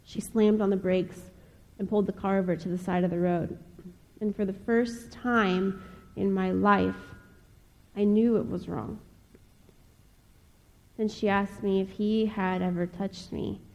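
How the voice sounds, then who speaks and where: A young woman from Ohio giving a personal testimony speech, telling her story in an earnest, measured way with pauses. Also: mid-range voice, fairly even intonation, darkish tone, highs cut off. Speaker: speaker. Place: chapel. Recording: long reverb of a large hall.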